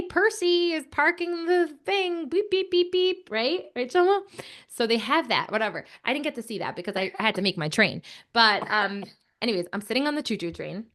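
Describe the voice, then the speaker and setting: A young woman telling an animated story to children, chatty and excitable, with lots of filler words. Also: mid-range voice.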